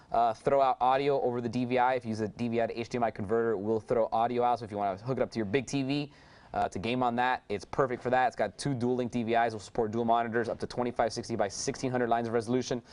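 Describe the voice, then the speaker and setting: Male presenter, quick eager sales patter, middle pitch, casual demo delivery. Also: darkish tone. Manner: enthusiastic salesy patter with many fillers. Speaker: product presenter. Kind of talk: unscripted product demo.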